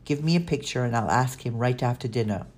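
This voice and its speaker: Woman voicing a quiet calm boy, matter-of-fact, low husky, storybook. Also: brisk.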